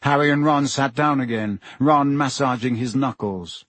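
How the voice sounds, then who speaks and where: A man narrating a novel as an audiobook in a steady, measured way. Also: medium pitch, no room sound. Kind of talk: scripted narration.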